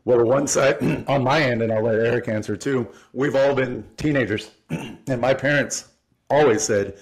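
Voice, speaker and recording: A man's voice: medium pitch, normal speed. A man hosting a casual podcast interview, explaining with analogies and frank, profane talk. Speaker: podcast host.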